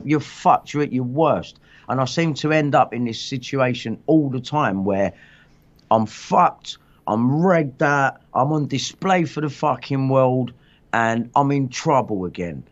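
A man's voice: mid-range voice, measured pace. A man hosting a livestream, telling his story in agitated, rambling casual chat full of swearing. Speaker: livestream host. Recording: dull lo-fi stream audio.

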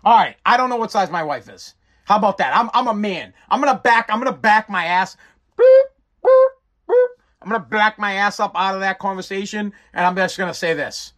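A man's voice: high voice, quick pace, bright, forceful tone. A man hosting a casual live-stream talk show, rambling and joking with frequent swearing. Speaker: show host.

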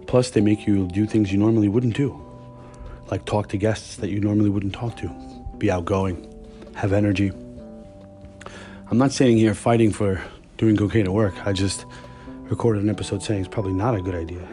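A man's voice: fairly low pitch, steady tone, moderate pace, mellow, faint music behind. A man hosting a podcast, telling stories in a casual, blunt and profane monologue. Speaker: podcast host.

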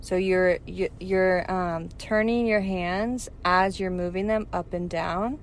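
A woman co-hosting a casual chat, calmly explaining a technique step by step with frequent ums. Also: fairly low pitch, takes it slowly, slight background noise. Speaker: podcast co-host giving advice. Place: parked car.

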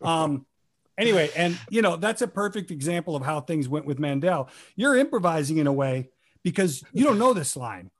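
A man guest actor telling lively stories and acting out quoted lines, with an improv comedy background. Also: fairly high pitch, fairly quick. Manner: animated, acts out quoted lines with laughs. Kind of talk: casual storytelling.

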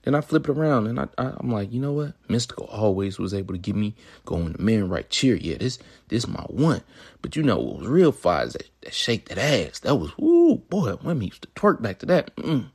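Low gravelly husky-voiced podcast host. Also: male voice, very animated, brisk, darkish tone. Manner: swaggering, rambling, with crude humor and mock-lecturing asides. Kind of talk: profane solo podcast monologue.

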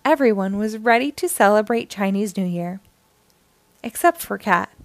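A woman hosting a children's storytime, reading a picture book aloud in a slow, expressive and melodic way. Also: mid-range voice, dry recording. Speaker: storytime host.

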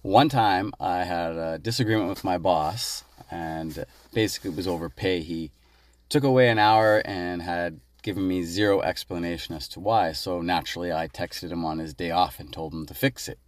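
Man, very low voice, dry close sound, casual animated storytelling. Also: moderate pace, no echo. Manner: animated, laughs while telling. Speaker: caller leaving a voice message.

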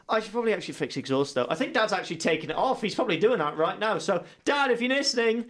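A young man co-hosting a casual community radio show, playful and excitable with jokey banter. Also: high-pitched, racing, hardly any pauses. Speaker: radio co-host.

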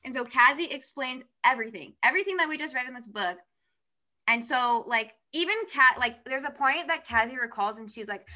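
A chatty young woman walking a friend through a book's plot, full of fillers. Her voice is somewhat high and notably bright. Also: animated, fairly quick. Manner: chatty, filler-heavy storytelling. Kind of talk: casual book recap.

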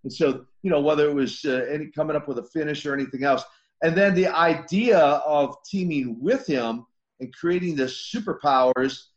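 A man's voice: on the high side, normal speed, lo-fi sound. A man in his sixties, a former wrestler as guest, telling stories animatedly, laughing and restarting his sentences. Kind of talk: casual interview storytelling.

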